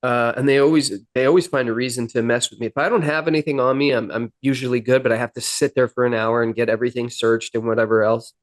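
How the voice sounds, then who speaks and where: A young man, a podcast guest, telling his own story candidly, with halting restarts. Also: medium pitch, steady tone, no echo. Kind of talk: personal storytelling.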